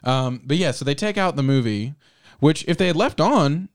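A man's voice: on the high side, lively intonation, moderate pace, slight background noise. A man hosting a casual movie-review chat who laughs often, swears freely and rambles.

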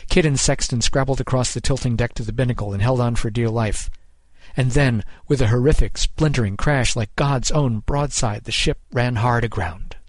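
A man reading a science fiction story aloud in a measured, dramatic storytelling voice. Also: mid-range voice, no echo. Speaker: narrator. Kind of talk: scripted story narration.

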